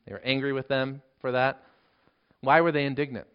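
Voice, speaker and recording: A man preaching a sermon with earnest emphasis, dropping to a hushed voice for key points. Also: medium pitch, steady tone, fairly quick, clear, resonant tone. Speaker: pastor. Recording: dull lo-fi sermon recording.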